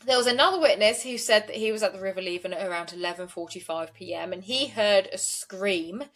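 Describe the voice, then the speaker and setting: A woman's voice: medium pitch, fairly quick, a bit bright. A woman, co-hosting a true-crime podcast and retelling court events in a chatty way full of "like". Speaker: podcast co-host.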